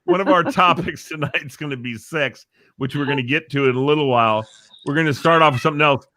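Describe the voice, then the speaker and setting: A man's voice: fairly high pitch, fast talker, over a noisy crowd. A man co-hosting a casual chat show, joking around and laughing often. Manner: jokey, laughs often, tells jokes. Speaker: co-host.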